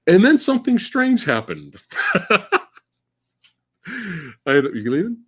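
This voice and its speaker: A man's voice: sits high, slow pace, husky. Guy in his 40s ranting on his livestream, swears a lot, stumbles over words, voice jumping up and down all over the place. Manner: animated, profane, stammering restarts. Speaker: livestream host. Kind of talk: live Q&A chat.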